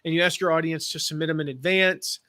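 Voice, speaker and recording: A man's voice: fairly high pitch, fairly even intonation, quick pace, pushed and bright, no echo, clean studio sound. An American man who grew up in the Midwest and South, teaching affiliate marketing in a rambling, casual live-stream chat. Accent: General American. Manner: chatty, rambling, with fillers and restarts.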